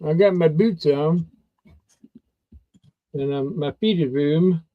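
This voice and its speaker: High pitched guy joking around on a live chat, dry muffled lo-fi mic. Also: slow pace, dry recording. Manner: teasing, repeats words for laughs.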